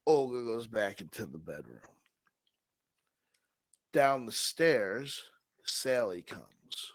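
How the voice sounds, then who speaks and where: A man co-hosting a comedy show, improvising a story with slow, drawn-out delivery and dramatic pauses. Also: lowish voice, expressive, no echo. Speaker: co-host.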